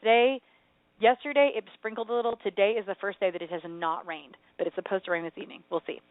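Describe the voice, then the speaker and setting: A woman co-hosting a radio talk show, telling a rambling, animated story in casual chat. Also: medium pitch, fast, no echo. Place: home. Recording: tinny phone-like radio sound, dry.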